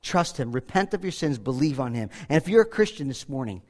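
A male pastor preaching a sermon earnestly, swinging from loud appeals to hushed, quiet lines. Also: medium pitch, very animated, fairly quick. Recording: long hall reverb.

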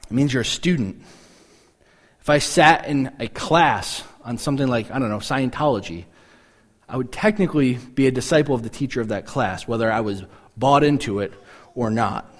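A man's voice: mid-range voice, moderate pace. A man preaching a casual, conversational sermon, often acting out the reactions of listeners in short quoted asides. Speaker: pastor.

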